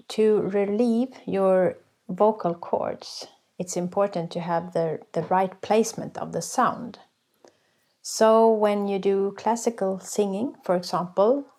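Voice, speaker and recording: A woman's voice: medium pitch, darkish tone. A woman vocal coach teaching a folk singing workshop, explaining exercises patiently with sung demonstrations.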